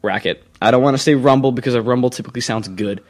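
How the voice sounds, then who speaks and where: Young man, co-host, casual car talk, opinionated, rambling. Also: medium pitch. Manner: opinionated, rambling, quick to argue. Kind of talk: casual car chat on internet radio.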